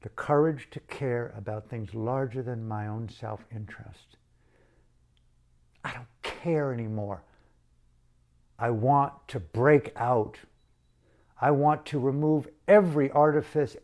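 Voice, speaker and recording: A man's voice: medium pitch, unhurried, darkish tone. An older man giving an impassioned activist monologue, fervent and rhetorical, building long repeated lists. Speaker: activist speaker.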